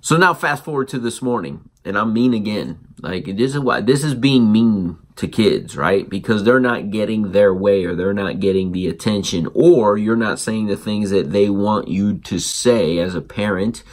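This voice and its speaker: A man hosting a parenting show, telling a story and acting out the dialogue in an animated way. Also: on the low side, moderate pace, few pauses. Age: adult parent. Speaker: podcast host. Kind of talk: storytelling monologue.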